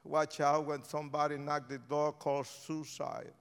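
In a large church, a man preaches an altar-call sermon at a moderate pace, his slightly high, gravelly voice clear and ringing with resonance, though with little pitch movement. He alternates shouted declarations with hushed, pleading lines, each phrase trailing into the hall's long reverb.

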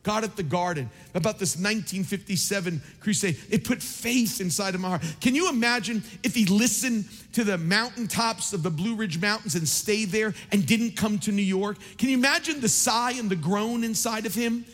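Impassioned high-voiced preacher in a reverberant hall. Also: male voice, normal speed, few pauses. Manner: impassioned preaching, rising to near shouts. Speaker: pastor. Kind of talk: sermon. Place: large church sanctuary. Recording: long reverb of a large hall.

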